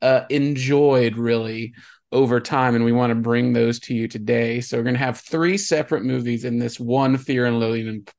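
A man's voice: medium pitch, steady tone, normal speed, creaky, a little mellow. A man hosting a podcast in casual chat, upbeat and jokey, laughing often. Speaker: podcast host. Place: Texas.

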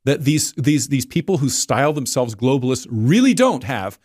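A man's voice: medium pitch, very animated, moderate pace, a little mellow, no room sound, clean studio sound. A man speaking as a guest editor in a casual discussion, digressive and often repeating words as he restarts.

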